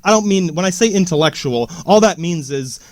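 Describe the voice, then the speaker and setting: A man's voice: sits high, expressive, brisk, dry recording, studio quality. A man hosting a podcast, ranting in a rambling, profane way with many false starts. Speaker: podcast host.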